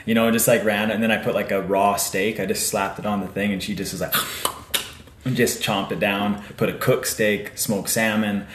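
A man with a fairly low voice talks in a laid-back, rambling way, thick with fillers and casual swearing. He co-hosts a relaxed podcast chat, and the sound carries a roomy echo. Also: moderate pace, background noise. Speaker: podcast co-host.

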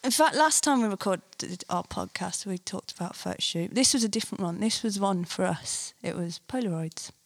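A woman's voice: mid-range voice, dry recording. A woman co-hosting a podcast in casual, giggly chat. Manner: chatty, giggly, quick asides. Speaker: podcast co-host.

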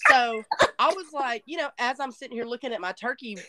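Animated woman telling a story. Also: a little high, fairly quick, over a noisy crowd. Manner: animated storyteller, drawling, self-mocking. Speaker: podcast co-host. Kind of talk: casual chat.

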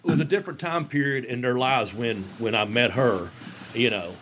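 A man interviewing a guest, speaking haltingly with many fillers and rambling questions. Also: mid-range voice, fairly bright tone, a little hiss or hum, rough recording. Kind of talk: casual interview.

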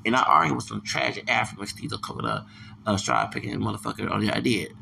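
Male podcast host, solo rant: very gravelly, pushy and heated, repeats himself. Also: fairly low pitch, sing-song, quick pace, sharp tone, a little hiss or hum. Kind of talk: angry monologue rant.

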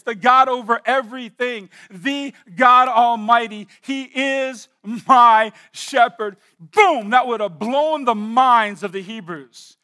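A man preaching a sermon to a congregation, emphatic and swinging between hushed and loud. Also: high voice. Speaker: pastor. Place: church with slides.

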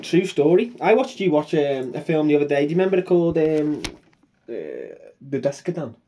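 A man's voice: on the high side, brisk, warm tone, a little hiss or hum. A man co-hosting a comedy podcast, telling stories and teasing his friends. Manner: storytelling, teasing. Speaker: podcast co-host. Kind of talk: casual comedy banter.

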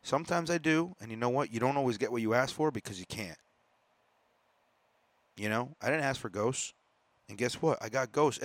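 A man hosting a solo podcast as a comedian, talking in a profane, rambling, animated monologue. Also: medium pitch, normal speed, long pauses, no room sound. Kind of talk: casual monologue.

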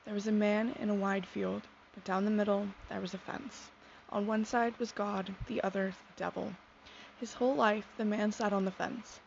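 Teen girl, earnest testimony, sincere and reflective; slight fry, muffled lo-fi audio. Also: medium pitch, level tone, normal speed. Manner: sincere, soft-spoken, reflective. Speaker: speaker sharing a faith testimony. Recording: dull lo-fi sound with faint noise.

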